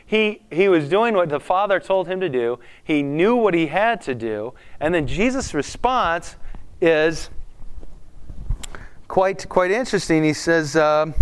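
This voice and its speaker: A man preaching a conversational sermon as a pastor, often putting questions to the congregation in an animated way. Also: sits high, measured pace, clean tone.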